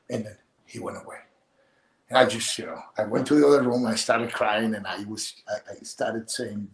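A man's voice: fairly low pitch, fairly even intonation. Emotional middle-aged man in echoey room. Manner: halting, repeats words, voice drops to near whisper at times. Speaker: interview guest. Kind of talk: emotional interview talk. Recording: roomy echo.

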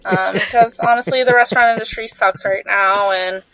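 A woman's voice: medium pitch, fairly even intonation, normal speed, a crowd in the background, poor audio. A woman caller leaving a chatty, crude and joking voicemail. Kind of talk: voicemail message.

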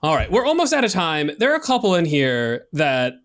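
A man's voice: a little high, huge pitch swings, brisk, a bit bright. A man co-hosting a podcast, talking frankly and casually about sex with lots of fillers. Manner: chatty, frank, filler-heavy. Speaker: podcast co-host.

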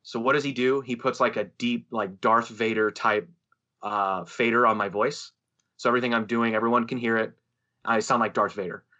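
A man on a podcast telling a story in a lively, casual way, swearing and acting out what others said. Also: medium pitch, moderate pace, dull audio. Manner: animated storyteller, swears freely, acts out quoted voices. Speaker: podcast co-host, musician.

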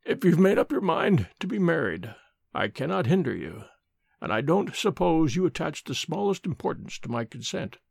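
A man voicing a cruel, dying old nobleman who speaks slowly and sinisterly in a storybook reading. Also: a little high, sing-song, gravelly, breathy edge, no room sound, exaggerated voice. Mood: menacing. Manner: slow, sinister.

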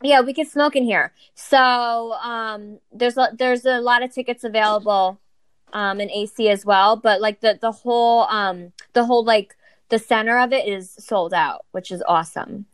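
High, smooth-voiced brash woman. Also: steady tone, normal speed, no room sound. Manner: brash, swears freely. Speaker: podcast co-host. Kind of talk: casual chat.

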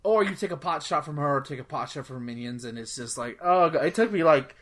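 With lively intonation, a brisk pace and a fairly bright tone, a slightly high-voiced man co-hosts a podcast. He chats casually about video games, rambling, cursing and saying "like" often.

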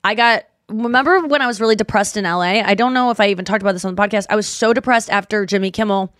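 A woman in her thirties co-hosting a podcast, telling rambling stories in a lively, animated way with frequent restarts. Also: medium pitch, racing, no room sound, studio quality. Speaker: podcast co-host. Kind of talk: casual chat.

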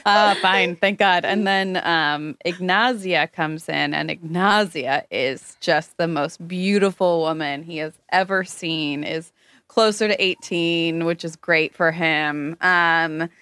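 A woman's voice: lowish voice, slow, a bit bright, clean tone, no room sound. A woman casually summing up a novel's plot in a chat with friends, slipping into mocking voices for the characters.

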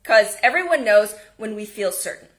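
A woman giving an energetic homeschooling lesson, speaking emphatically and now and then dropping to a whisper. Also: medium pitch, moderate pace. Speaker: homeschooling teacher. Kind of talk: instructional talk.

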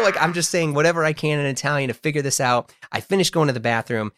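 A man's voice: a little high, fast, few pauses, noisy background. Rambling self-mocking man. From United States. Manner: rambling, self-deprecating, full of fillers and restarts. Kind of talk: casual storytelling.

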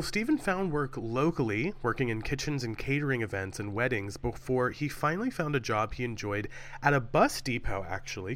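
A man's voice: mid-range voice, fairly bright tone. A man from the United States co-hosting a casual true crime podcast, joking and drifting into rambling asides. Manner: jokey, rambling, quick asides. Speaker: podcast co-host.

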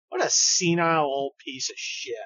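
A man's voice: fairly high pitch, pushed and bright, slight background noise. A man hosting a podcast, giving casual political commentary in a heated, profane, sarcastic way. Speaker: podcast host. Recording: dull dry studio recording.

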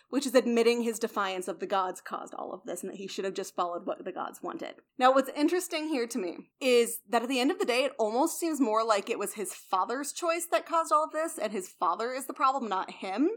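A young adult woman hosting a casual explanatory talk, chatty, blunt and swearing now and then. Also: fairly high pitch. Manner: chatty, swears, lively emphasis.

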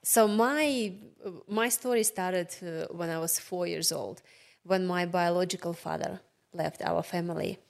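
A woman's voice: lowish voice, vocal fry. Russian-accented woman telling her story. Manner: earnest, measured, slight non-native grammar. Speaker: guest. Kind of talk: personal storytelling.

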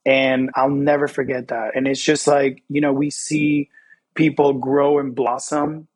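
A young adult man from Fort Lauderdale, telling personal stories as an interview guest in quick, animated bursts. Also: medium pitch, husky. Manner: animated, quick bursts, acts out quoted voices. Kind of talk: candid personal storytelling.

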